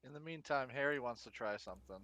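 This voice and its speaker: A man's voice: mid-range voice, quick pace, pushed and bright, dry recording. A man playing a tabletop game, hesitant and thinking aloud. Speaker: player. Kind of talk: casual chat. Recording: dull lo-fi mic.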